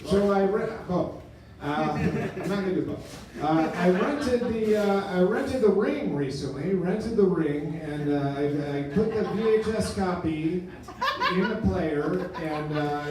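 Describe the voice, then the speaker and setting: A man's voice: high-pitched, expressive, crowd noise. Rambling man doing stand-up in an echoey room. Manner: halting, rambling delivery full of fillers, self-deprecating. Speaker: stand-up comedian. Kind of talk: live stand-up comedy set. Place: small comedy club stage. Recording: roomy live venue, mic heard from a distance with faint noise.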